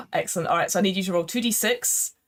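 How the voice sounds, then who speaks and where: A woman's voice: mid-range voice, expressive, fairly quick. Woman game master, mid-range voice, narrating an improvised game with chatty restarts over a call. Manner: chatty, laughing, hesitant restarts. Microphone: remote call microphone.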